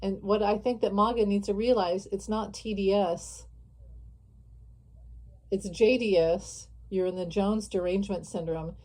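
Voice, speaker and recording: A woman's voice: mid-range voice, steady tone, moderate pace, few pauses, a little mellow, poor audio. A woman hosting her own channel, delivering an impassioned political monologue straight to her viewers, repeating her points for emphasis. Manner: impassioned, repetitive, addresses viewers directly. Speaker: channel host. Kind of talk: opinionated political vlog monologue.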